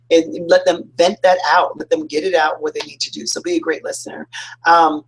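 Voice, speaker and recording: A man's voice: on the high side, flat delivery, fairly quick, vocal fry, slightly rough, poor audio. A man who is a licensed counselor, giving earnest, upbeat advice in an informal motivational talk that rambles with fillers and restarts.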